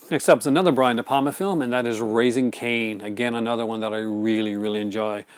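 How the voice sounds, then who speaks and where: A man's voice: mid-range voice, fairly even intonation, normal speed, long pauses, clean tone, no room sound. A man hosting a casual live stream, rambling enthusiastically about his horror film collection, with many fillers and restarts. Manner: answers viewer chat comments.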